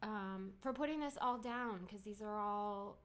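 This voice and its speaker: A woman at home, the author's wife, speaking quietly and heartfelt on a live stream, then reading a chapter aloud while close to tears. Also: mid-range voice, unhurried. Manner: soft-spoken, heartfelt, tearful. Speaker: author's wife, guest reader.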